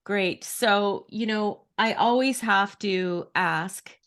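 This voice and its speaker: A woman hosting a podcast, reading her guests' introduction and then asking questions in a measured, deliberate way. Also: medium pitch, a bit bright. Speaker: podcast host.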